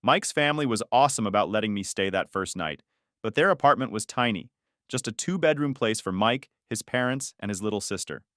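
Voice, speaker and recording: A young man narrating a first-person story in an even, reflective way. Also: fairly low pitch, a little fast, no room sound, clean studio sound.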